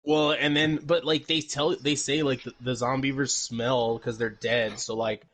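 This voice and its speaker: A man's voice: mid-range voice, fairly even intonation, a little slow, a bit bright. A man co-hosting a podcast, casually recapping a movie in a rambling way, with lots of fillers, swearing and laughter. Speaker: podcast co-host.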